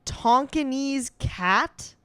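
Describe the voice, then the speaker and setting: A young woman chats to her viewers in a smooth, clear voice with lots of rise and fall. She talks casually and reacts as she goes, often swearing and laughing. The sound is dry and close, with no room in it. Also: sits high, animated, extremely slow, a bit bright, dry recording. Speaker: comedian doing a quiz on camera. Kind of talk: casual solo chat.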